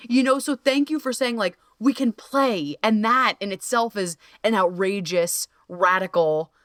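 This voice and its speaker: Woman host, casual podcast chat, lively and profane, acts out quotes, dry close mic. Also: medium pitch, unhurried, no echo. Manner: animated, swearing, quoting herself in playful voices. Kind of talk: casual conversational interview.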